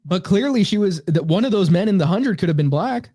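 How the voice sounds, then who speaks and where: A man's voice: high voice, animated, fairly quick, dark tone, no echo, studio quality. A man co-hosting a casual comedy podcast, rambling and sarcastic as he reads comments aloud. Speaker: podcast co-host.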